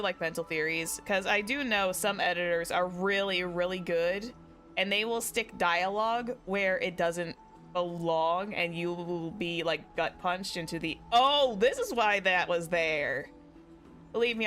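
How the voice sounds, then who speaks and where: A woman's voice: fairly low pitch, fairly bright tone. Rambling, chatty young woman streamer. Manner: chatty, rambling, self-correcting. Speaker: VTuber streamer. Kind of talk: live game stream commentary.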